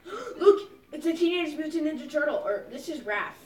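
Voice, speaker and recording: A woman's voice: high-pitched, sing-song, fairly quick, roomy sound, recorded from a distance. A woman hosting a casual gameplay video, chatty and giggly, rambling with fillers. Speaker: gaming channel host.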